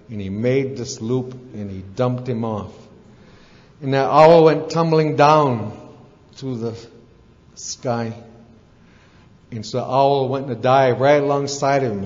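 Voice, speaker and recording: A man's voice: mid-range voice, fairly even intonation, a little slow, darkish tone. A man speaking at a recovery meeting, telling a folksy story in a casual, rambling way with fillers and asides. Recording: echoey hall, dull lo-fi sound.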